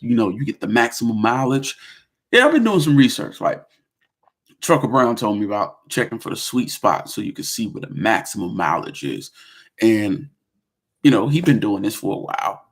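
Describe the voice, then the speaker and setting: A man talking casually on his vlog, telling a story with lively slang. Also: medium pitch, vocal fry, slightly rough. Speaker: vlogger.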